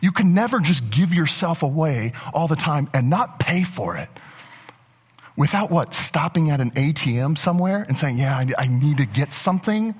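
A man preaching a sermon as a pastor, talking conversationally and building to animated emphasis. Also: fairly high pitch, slightly rough. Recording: long church reverb, dull lo-fi sound.

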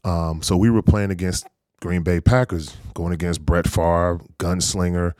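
Low-voiced man telling easygoing stories. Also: a little slow, dry recording, studio quality. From North Carolina, USA. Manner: easygoing, animated anecdotes with frequent laughs. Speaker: former pro football player, guest. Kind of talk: casual storytelling interview.

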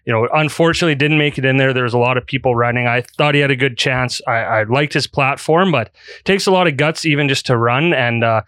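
Bright, upbeat podcast host. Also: male voice, mid-range voice, dry recording. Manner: jokey, upbeat, quick to laugh. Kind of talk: casual podcast chat. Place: podcast studio.

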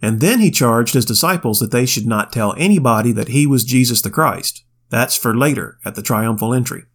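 A man's voice: mid-range voice, animated, a little fast. A man co-hosting a Bible podcast, giving casual commentary with wry, plainspoken asides. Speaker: podcast co-host.

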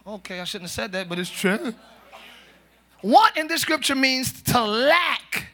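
A male pastor preaching a lively sermon in a church, animated and joking, breaking into shouts. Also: very high-pitched, a little slow. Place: church service. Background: congregation responding.

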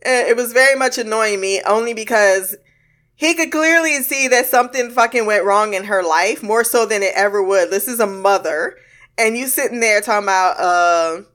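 A woman's voice: mid-range voice, normal speed, a bit bright. A woman casually commenting on a film, swearing freely and laughing often. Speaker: reaction commentator.

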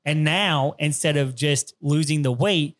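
A man's voice: on the high side, measured pace, a bit bright. A man co-hosting a podcast in casual chat, blunt and profane, pressing his point again and again. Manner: blunt, swears freely, keeps pressing a point. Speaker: podcast co-host.

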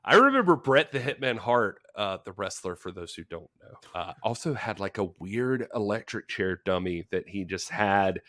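A man with a bright, forward voice shares film history on a casual podcast. He tells it animatedly, with loose fillers. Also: fairly low pitch, expressive, normal speed, hardly any pauses. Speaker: podcast co-host.

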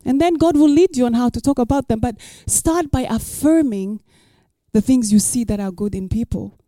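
A woman's voice: on the high side, moderate pace, mellow, no echo, studio quality. A woman pastor preaching a sermon, emphatic and repeating her key lines for the listeners.

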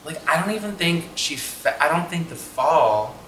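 A man's voice: fairly high pitch, animated, normal speed, bright, forceful tone, slight background noise. A man co-hosting a podcast, rambling casually and thinking aloud with many restarts. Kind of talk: casual chat. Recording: echoey room.

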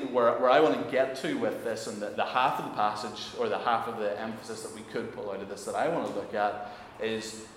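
A man preaching a sermon in a lively, restless way, often restarting and acting out the voices of the people he quotes. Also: mid-range voice. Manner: animated, many restarts, acts out quoted voices. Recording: very echoey hall, faint room noise.

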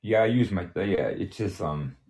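Man, very low voice, casual group chat, rambling, swears a lot. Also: animated, moderate pace, darkish tone.

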